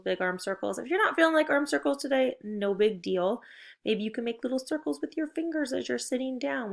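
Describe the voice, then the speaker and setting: Woman teacher for a kids' video lesson: mid-pitched, encouraging, spells out words slowly. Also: fairly bright tone. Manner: encouraging, clearly paced instructions; stretches out target words slowly. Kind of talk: recorded video lesson for children.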